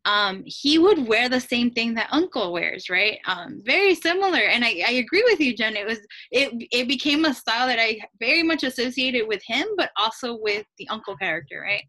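A woman's voice: fairly high pitch, big pitch swings, normal speed, hardly any pauses, sharp tone. A woman chatting casually, thoughtful, often checking in with "right?". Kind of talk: casual chat.

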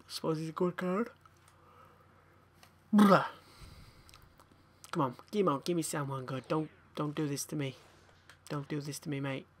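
A man's voice: fairly high pitch, slight background noise. Sweary young man muttering. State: tired, yawning. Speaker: gaming YouTuber. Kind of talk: pack-opening commentary.

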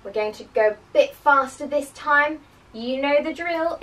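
A woman teaching a children's language lesson, encouraging and playful, repeating words slowly so the children can echo them. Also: high voice, a bit bright, recorded from a distance.

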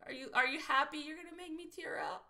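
A woman from Texas hosting a casual lottery scratch-off livestream, chatty and excitable and talking straight to her viewers. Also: high voice, quick pace, creaky. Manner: chatty and excitable, keeps saying "you guys".

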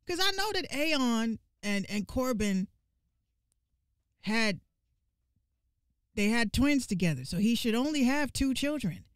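A woman giving casual gaming commentary, ranting in an animated, profane and exasperated way and repeating lines for emphasis. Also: fairly high pitch, measured pace, clean tone, no echo, studio quality.

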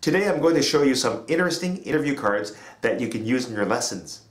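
A man's voice: medium pitch, lively intonation, fast, slight background noise. Man modelling English classroom phrases. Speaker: English teacher. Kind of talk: teaching video for teachers. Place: teaching in Japan.

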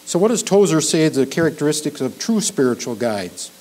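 A male pastor delivers an expository sermon with a slightly higher than usual voice. He lists points one by one and pushes his emphasis up to loud, forceful peaks. He sounds middle-aged and firm in conviction. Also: very animated, a little fast, poor audio. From Minnesota.

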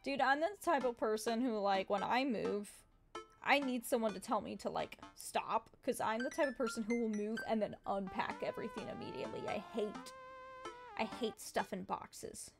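A woman's voice: fairly high pitch, sing-song, normal speed. A woman streamer reading game dialogue aloud and chatting playfully, with music behind her. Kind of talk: reading game text aloud, casual chat.

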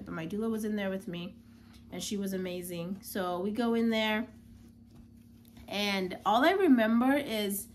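A young woman recounts a personal story, chatty and unpolished, with frequent filler words. Her voice sits at a middling pitch. A faint hiss runs underneath. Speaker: new mother.

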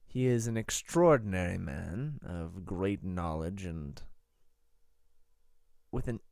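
A man's voice: deep voice, vocal fry, a little mellow, no room sound, clean studio sound, heavily acted. A man playing a courteous learned official. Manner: measured, hesitant, courteous. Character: formal, learned male official briefing adventurers.

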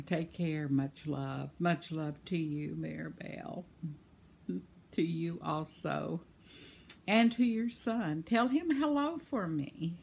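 Slow, husky older woman. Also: fairly low pitch. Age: 70s. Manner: chatty, laughs often, warmly talkative. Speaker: vlogger. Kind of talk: casual chat reading viewer comments.

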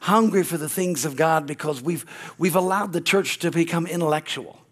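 A middle-aged American pastor preaching a sermon, with frequent amens and hallelujahs. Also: male voice, fairly high pitch, normal speed, fairly bright tone. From United States. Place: church sanctuary.

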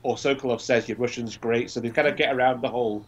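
A man's voice: mid-range voice, steady tone, fast, lo-fi sound. A man chatting casually while commentating a video game, explaining things at length. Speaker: co-host commentator. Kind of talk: casual gaming commentary chat.

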